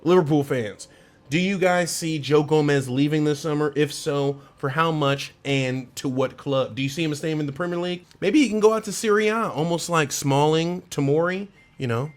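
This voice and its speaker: On his sports channel, a man hosts a casual football transfer talk, animated and slangy, often laughing and putting questions straight to the fans. He speaks on the high side at a moderate pace with few pauses.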